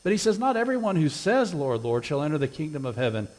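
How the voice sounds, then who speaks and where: A man's voice: fairly high pitch, very animated, a little fast, hardly any pauses, big-room sound, rough recording. A man preaching a sermon with an invitation, quoting scripture emphatically and pressing his listeners with questions. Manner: emphatic, rising on scripture quotes.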